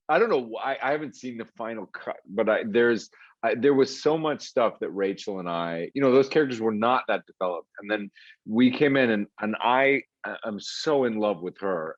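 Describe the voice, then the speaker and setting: A man being interviewed as an actor, laughing often and poking fun at himself in a relaxed, jokey way. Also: mid-range voice, no echo. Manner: laughing, self-mocking, jokey. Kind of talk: casual interview chat. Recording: muffled lo-fi sound.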